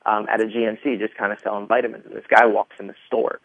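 A man's voice: on the low side, quick pace, creaky, no room sound. A man in his thirties, a podcast guest, telling his story in a rambling casual way with many fillers. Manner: rambling, lots of fillers, animated retelling. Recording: tinny phone line.

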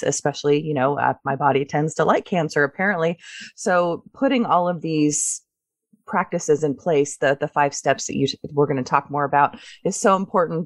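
Low-voiced woman host, dry sound. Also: no echo. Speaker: podcast host. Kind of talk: conversational interview.

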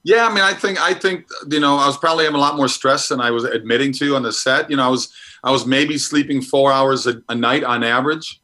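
A man's voice: mid-range voice, fairly even intonation, quick pace, sharp tone, rough recording. A middle-aged man from Minnesota, a guest actor talking frankly about his career in a casual interview.

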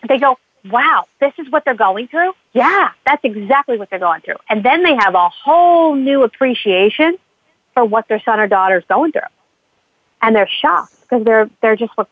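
A woman's voice: a little high, animated, moderate pace, no echo. A woman counselor telling stories with animation, acting out the voices of the people she works with. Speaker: addiction counselor. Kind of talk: conversational interview talk. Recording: tinny phone-like line, dry.

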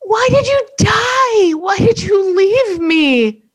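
A woman's voice: expressive, takes it slowly, exaggerated voice. A woman voicing a grieving chocolate lab that cries and wails for its dead owner. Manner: wailing, sobbing, high-pitched.

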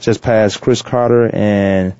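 A man's voice: on the low side, fairly even intonation, takes it slowly, warm tone, clean tone, no echo. A man hosting a casual sports talk radio show, laid-back and laughing with his co-hosts. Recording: dull lo-fi radio audio.

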